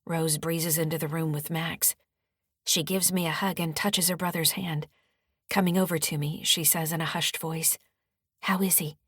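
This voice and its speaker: A woman author narrating her own audiobook in the first person, with a steady storytelling delivery. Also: low-pitched, moderate pace, slightly rough, dry recording, studio quality.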